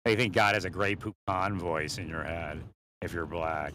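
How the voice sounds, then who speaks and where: Low-ish bright voiced guy rambling from his car, laughs a lot, faint hum behind. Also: moderate pace. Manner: rambling, laughs often between thoughts. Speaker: vlogger. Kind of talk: rambling monologue while driving. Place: inside a vehicle on the road. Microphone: mounted mic, sometimes leaning away.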